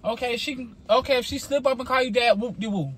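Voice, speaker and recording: A woman's voice: on the high side, quick pace, breathy edge. A woman, arguing casually with her boyfriend in a parked car and brushing off his demands over and over. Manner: exasperated, dismissive, repeats herself. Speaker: vlogger, girlfriend. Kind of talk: casual argument.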